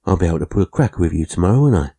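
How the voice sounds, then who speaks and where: Man voicing a kind, gravelly care assistant. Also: low voice, very animated, rapid-fire, mellow, exaggerated voice. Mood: cheerful. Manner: friendly, reassuring.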